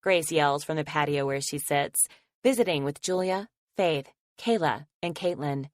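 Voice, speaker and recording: A woman narrating a first-person romance audiobook in a soft, affectionate way. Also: low voice, moderate pace, dry recording.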